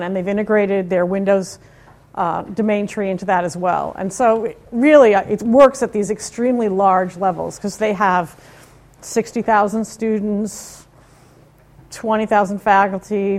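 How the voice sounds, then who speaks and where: A woman's voice: medium pitch, a little mellow. A woman in her fifties, from the United States, giving a live technical talk with a chatty, informal manner, wry asides and questions to the audience. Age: 50s. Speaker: conference speaker.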